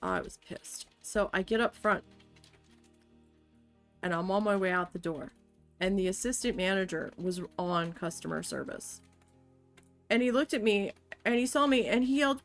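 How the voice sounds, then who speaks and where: A woman streamer chats casually as she plays, retelling a work story with blunt, salty language. Her voice sits at an ordinary middle pitch, and faint music hums under her talk. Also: moderate pace. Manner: blunt, swears often, animated retelling. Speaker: game streamer. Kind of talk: casual storytelling while playing a game.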